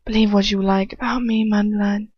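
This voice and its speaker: Woman doing a cold controlling wizard guy, quiet cool near-whisper, dry and kinda muffled. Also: mid-range voice, level tone, fairly quick, husky, no echo, lightly acted.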